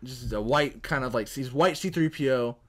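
A man's voice: mid-range voice, moderate pace. A young man co-hosting a podcast, chatting casually and brainstorming in a loose, profane, rambling way. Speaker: podcast co-host. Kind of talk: casual chat.

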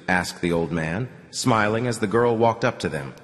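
A man narrating a novel in an audiobook with an expressive reading. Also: on the low side, moderate pace, long reverb tail. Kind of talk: scripted narration.

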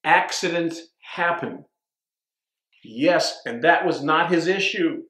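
A man's voice: fairly high pitch, slow, a bit bright, reverberant, poor audio. A man preaching a sermon as a pastor, stumbling over repeated words and restarting his sentences as he reads scripture aloud.

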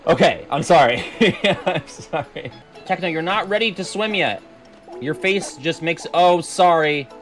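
With faint music behind him, a man streams video games and narrates the action a little slowly in a fairly high voice. He's casual and animated, swears freely, and keeps cracking up at his own expense.

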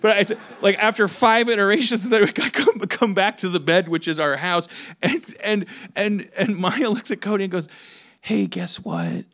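Man, slightly raised pitch, rambling anecdotal podcast talker with constant stammered restarts. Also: normal speed, fairly bright tone. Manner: rambling, stammering restarts, laughing while telling. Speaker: podcast panelist telling a story. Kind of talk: casual chat. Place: live podcast stage.

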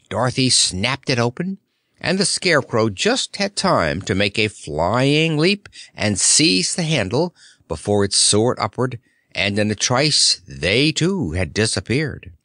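A man's voice: on the low side, a little slow, no room sound, clean studio sound. A man reading a children's fantasy story aloud as narrator. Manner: expressive. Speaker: audiobook narrator.

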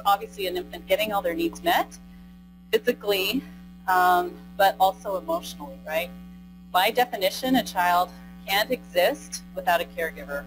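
The audio is poor as a female presenter with a mid-range voice leads a live training session in a conference room. Her style is conversational; she tacks "right?" onto points and quizzes the audience.

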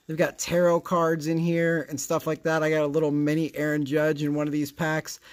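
A man with a fairly high, slightly mellow voice hosts a card collecting channel. In this casual card-opening vlog he's chatty and rambling, with a sarcastic streak.

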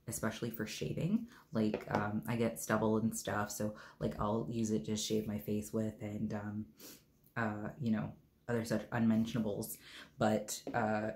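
A man's voice: fairly low pitch, a little mellow, slight background noise. A man casually reviewing his favorite bath products, rambling with many ums and uhs and tossing in joking asides. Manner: laid-back, joking asides.

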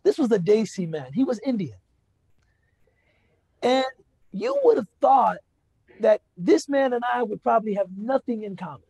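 A man's voice: high-pitched, very animated, moderate pace, creaky, pauses often, warm tone, breathy edge, no room sound. A man giving a lecture, telling a personal story in a conversational way, often asking the audience "right?" and "you know". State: moved to emotion. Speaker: Islamic speaker giving a lecture.

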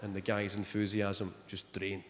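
Sardonic comic in a hall. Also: male voice, on the low side, monotone, a little slow, very noisy. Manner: dry, sardonic storytelling. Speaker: stand-up comedian. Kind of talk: stand-up comedy set. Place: theatre stage before a live audience. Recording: large hall with loud audience laughter.

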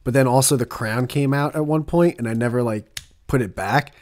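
A man's voice: mid-range voice, normal speed, darkish tone. A man chatting as a podcast guest, telling crude joking stories. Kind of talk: casual chat.

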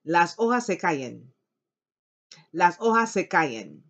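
A woman teaching an elementary Spanish class, slowly modeling words for students to repeat and cheering them on. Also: lowish voice, big pitch swings. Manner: upbeat and encouraging. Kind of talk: classroom language lesson. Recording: dull lo-fi classroom recording.

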